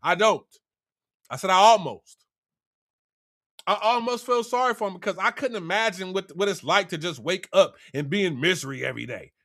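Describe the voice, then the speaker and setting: A man delivering an animated, profane motivational rant in streetwise slang. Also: sits high, fairly quick. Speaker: vlogger.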